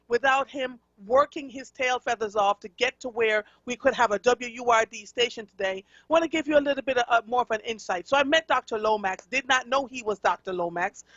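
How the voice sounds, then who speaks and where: A woman's voice: a little high, brisk, hardly any pauses, a bit bright, no room sound, highs cut off. Jamaican woman hosting talk radio. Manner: earnest, conversational with frequent fillers. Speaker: radio talk show host. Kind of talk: radio talk show monologue.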